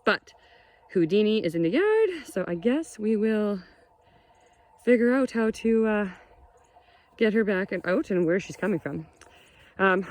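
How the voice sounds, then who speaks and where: A woman, chatting casually and excitedly in a vlog, recorded outdoors on a farm. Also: lowish voice. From Canada. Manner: chatty and exclamatory. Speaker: homesteader vlogger.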